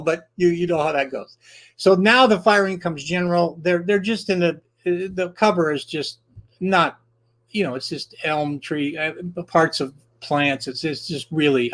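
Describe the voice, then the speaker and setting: A man tells an old tale in a loose, chatty way. His voice sits a little higher than most men's. He rambles, with plenty of filler words and false starts along the way. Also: fairly bright tone. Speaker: storyteller. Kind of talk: casual historical storytelling.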